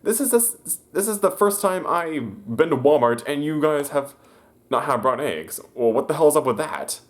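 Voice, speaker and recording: A man voicing an irate, foul-mouthed elderly woman shopper who rants and swears in a shrill voice. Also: lively intonation, normal speed, lightly acted. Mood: furious.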